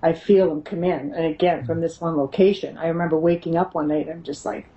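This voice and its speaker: The recording sounds muffled as a middle-aged woman, speaking fast in a deep, mellow voice with a steady tone, is interviewed about her paranormal investigation work. She laughs often, acts out quoted voices, and tells her stories with casual animation.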